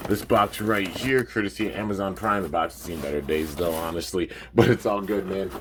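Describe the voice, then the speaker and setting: A young man with a very deep voice chats his way through an unboxing. He rambles in a relaxed, unhurried way, filling gaps with "man" and "like," and sounds a little sleepy. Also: heavy background noise. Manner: laid-back, rambling, peppered with "man" and "like". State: a bit sleepy. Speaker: toy reviewer. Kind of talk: casual unboxing chat.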